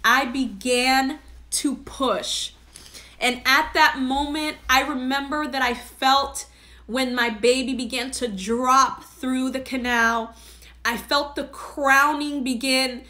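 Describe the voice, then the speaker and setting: A woman with a bright, slightly high voice recounts a personal story as a podcast host. She speaks earnestly and from the heart. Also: steady tone, slow.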